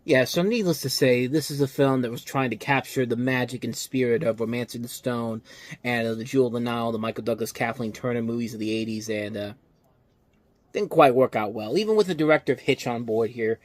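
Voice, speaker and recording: A man's voice: medium pitch, fairly quick, dry recording. A man giving a casual, exasperated movie review, rambling with frequent restarts. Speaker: film reviewer.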